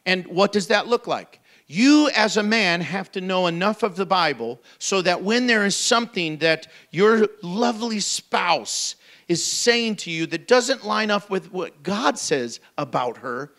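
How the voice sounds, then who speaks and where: Man, pastor, high voice, lively sermon, acts out characters. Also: measured pace. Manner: animated preaching, acts out voices for humor.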